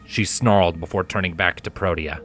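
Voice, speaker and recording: A man with a very low, deep voice reads a story aloud in measured, dramatic narration. Soft music plays quietly behind him. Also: steady tone. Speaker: fanfiction reader. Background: faint background music.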